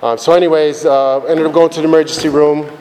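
This recovery testimony comes from a man with a fairly high, warm voice who speaks quickly and keeps a steady tone. He is blunt and profane, rambling with lots of fillers, in a reverberant hall with faint background noise.

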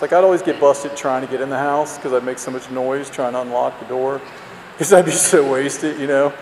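A man's voice: medium pitch, steady tone, a little fast, a little mellow. A man telling a candid, self-mocking personal story to an audience, rambling with lots of fillers. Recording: roomy hall, faint background noise.

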